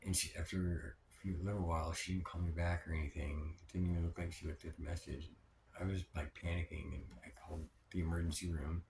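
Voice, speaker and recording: A man's voice: low voice, little pitch movement, fast talker, vocal fry, darkish tone. A man telling a personal diary vlog, rambling with many fillers, sometimes dropping to a near whisper and swearing when upset. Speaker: vlogger. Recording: echoey room with background noise.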